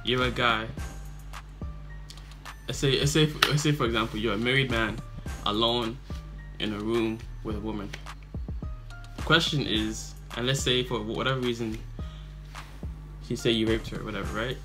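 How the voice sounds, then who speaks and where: A man's voice: mid-range voice, moderate pace, pauses often, music in the background. A man hosting a reaction video, chatting casually and handing out advice with lots of repetition and slang. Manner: relaxed, repeats himself, loose slang. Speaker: video reactor and channel host.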